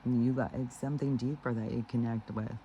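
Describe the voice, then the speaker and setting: A man giving a rambling spiritual monologue, full of fillers and restarts and slowing down on his key phrases. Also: medium pitch, steady tone, mellow, lo-fi sound, slight background noise. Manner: meandering, heavy with fillers and restarts; earnest, slows down on key phrases. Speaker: spiritual vlogger.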